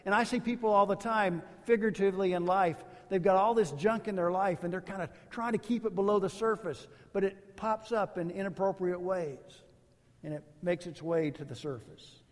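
A man's voice: high voice, normal speed, long reverb tail. A man preaching a sermon as a pastor, in a casual, storytelling way with rhetorical asides.

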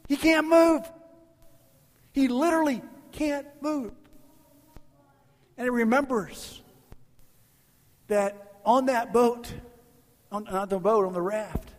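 A middle-aged man, a guest pastor, telling stories in a sermon, swinging from loud bursts to near whispers. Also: very high voice, measured pace, long pauses, long reverb tail. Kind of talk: sermon with altar call. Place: church sanctuary.

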